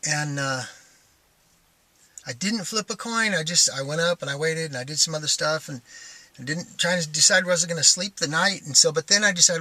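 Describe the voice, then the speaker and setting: A man with a bright, forceful voice pitched a touch high tells a personal vlog story in a meandering way. He thinks aloud and keeps stopping and starting over. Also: brisk, no echo. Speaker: vlogger.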